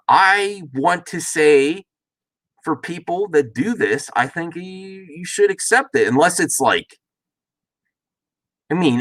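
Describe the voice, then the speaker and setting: Lively-voiced man musing aloud. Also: mid-range voice, dry recording. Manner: rambling, self-interrupting, chuckling asides. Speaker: reaction video host. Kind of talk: casual commentary. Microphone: worn face mask while talking.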